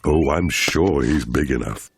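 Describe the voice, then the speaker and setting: Daddy Pig, deep and jolly. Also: male voice, lively intonation, unhurried, vocal fry, a little hiss or hum, heavily acted. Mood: cheerful. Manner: cheerful, chuckling, kindly. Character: jolly good-natured father pig. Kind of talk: children's cartoon voice acting.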